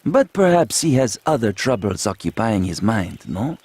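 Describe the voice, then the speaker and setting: An actor playing a proud, flattering gunsmith with a French accent, in a video game. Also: male voice, on the low side, normal speed, slightly rough, no echo, full character voice. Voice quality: fawning, theatrical salesman manner.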